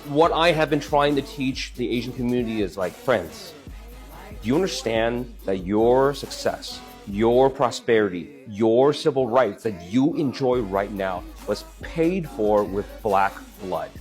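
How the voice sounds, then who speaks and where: A man's voice: medium pitch, animated, a little slow, a little mellow. A man speaking as an activist, impassioned and emphatic. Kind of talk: speech about community. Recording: faint music under voice.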